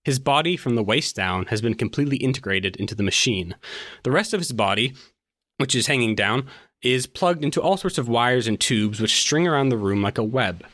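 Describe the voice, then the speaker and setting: A man's voice: medium pitch, expressive, a little fast, a bit bright, dry recording. Man, game master, vivid scene narration, dry close sound.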